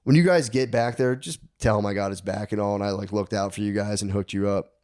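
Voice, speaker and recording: A man's voice: lowish voice, quick pace, a little mellow. A man on a podcast telling a history story in casual, profane slang, acting out the characters' lines.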